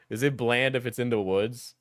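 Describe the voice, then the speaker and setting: A man's voice: medium pitch, fairly even intonation, a little slow, dry recording, clean studio sound. A man streaming a casual reaction video, joking, laughing and swearing as he comments.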